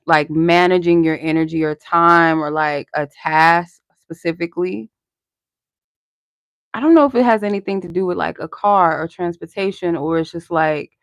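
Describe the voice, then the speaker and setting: A woman's voice: lowish voice, no echo, clean studio sound. A young woman hosting a live-stream tarot reading, chatty and rambling, answering her chat and laughing often.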